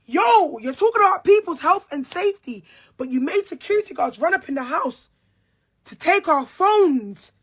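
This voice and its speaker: A woman's voice: extremely high pitch, pushed and bright. A young woman, speaking in a heated, repetitive, confrontational monologue. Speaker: reality show cast member. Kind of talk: angry monologue to camera.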